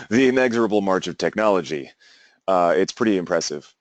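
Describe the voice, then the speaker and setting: A young man with a very low voice gives a classroom lecture, wandering through his points with plenty of "uh"s and false starts. The sound is dry and close, with little room around it. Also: animated, a little fast, dry recording. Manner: rambling, many fillers and restarts. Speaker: teacher.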